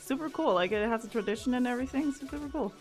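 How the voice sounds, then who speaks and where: Higher-voiced woman chatting easily, laughing often. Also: animated, racing, faint music behind. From Portugal. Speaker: podcast co-host. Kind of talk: casual live podcast chat.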